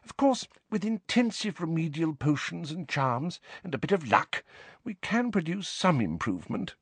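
Man doing a motherly healer lady, cooing, sing-song, soft, dry close sound. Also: on the high side, very animated, moderate pace, husky, no echo, voice pushed up, heavily acted. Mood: hushed. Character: fussy motherly female healer, middle-aged.

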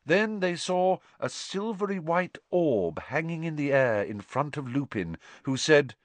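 A man narrating a story in a dramatic, expressive reading style. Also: on the high side, measured pace, dry recording. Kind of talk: audiobook narration.

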